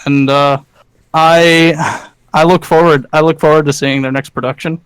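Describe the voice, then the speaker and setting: A man co-hosting a casual gaming podcast, animated and repeating himself. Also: fairly high pitch, moderate pace, clear, resonant tone, no room sound, low-quality recording.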